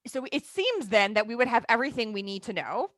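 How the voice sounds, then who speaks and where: A woman's voice: fairly high pitch, sing-song, brisk, fairly bright tone, no echo. A woman in her thirties teaching a religious class in a conversational style, often checking in with "right?" and filling her talk with "like". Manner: chatty, often asks "right?" and leans on "like".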